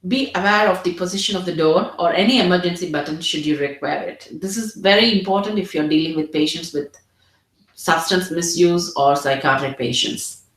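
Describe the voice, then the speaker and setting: A woman's voice: on the low side, normal speed. Earnest woman tutor in a roomy echo. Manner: earnest, repeats words, models empathetic phrases. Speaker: medical exam tutor. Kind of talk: teaching presentation.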